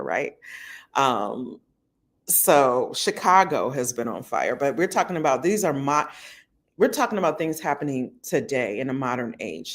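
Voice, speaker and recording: A woman talking casually to her viewers from home, chatty, with loose slang and lots of fillers. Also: a bass voice. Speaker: vlogger. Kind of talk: casual talk to camera. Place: at home indoors.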